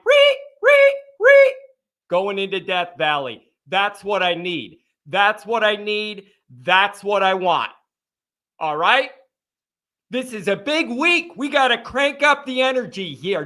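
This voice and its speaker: A man's voice: high voice, bright, forceful tone. A man hosting a live sports reaction show, talking in a fired-up, ranting way.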